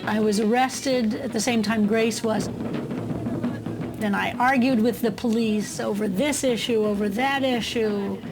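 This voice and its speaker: A woman's voice: fairly high pitch, steady tone, unhurried, music in the background, rough recording. A woman telling a story in a documentary interview, vividly recalling events and quoting what others said. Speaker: interviewee, fellow activist.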